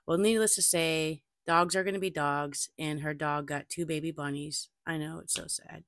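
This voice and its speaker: A woman with a notably low voice chats to her viewers as host of her own channel, telling stories with animation and doubling back on her points. She talks into a desk mic, and the sound is close and dry. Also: moderate pace, hardly any pauses, no room sound. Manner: chatty, animated storytelling, repeats herself. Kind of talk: casual chat to camera.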